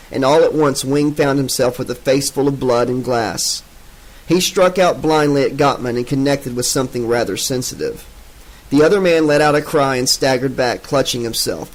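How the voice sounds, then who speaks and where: A man narrating a novel in a steady, even way. His voice sits at a middling pitch and keeps the story moving. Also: rough recording. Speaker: audiobook narrator. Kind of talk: audiobook narration.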